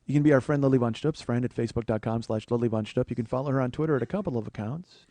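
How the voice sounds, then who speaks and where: A man in his forties tells a long comic story as a podcast host. His speech is rambling and profane, with sudden rants. His pitch sits mid-range and the recording is dry and close. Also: racing, dark tone, no room sound. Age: 40s. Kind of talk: storytelling monologue.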